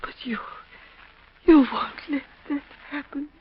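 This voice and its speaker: An actress playing a frail, dying old aunt who speaks faintly and haltingly, in a 1930s radio drama. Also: female voice, high-pitched. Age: older. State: weak and gasping. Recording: dull lo-fi 1930s radio recording.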